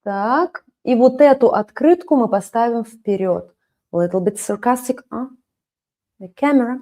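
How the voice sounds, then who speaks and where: A woman with a Russian accent teaching a live-streamed language lesson, explaining slowly and mixing English and Russian. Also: on the high side, mellow. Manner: slow, explaining, switching between English and Russian. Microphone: webcam stream.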